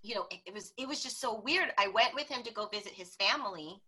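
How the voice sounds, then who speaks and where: A woman guest telling stories in a casual interview, animated and acting out the voices she quotes. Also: medium pitch, fast, husky, rough recording.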